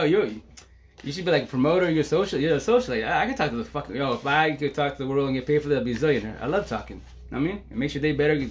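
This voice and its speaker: A man talking fast on a casual live stream, excitable and slangy, swearing freely and filling his talk with "you know". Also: on the high side. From Seattle area. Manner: fast, excitable, slangy and profane with constant fillers. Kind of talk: casual Facebook Live monologue.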